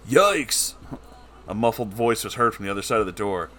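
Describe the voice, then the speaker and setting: A man's voice: fairly low pitch, steady tone, fast, fairly bright tone, slight background noise. A man reading a storybook tale aloud in a theatrical narrating manner. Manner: theatrical, switches into voices for characters. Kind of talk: dramatic storybook reading with character voices.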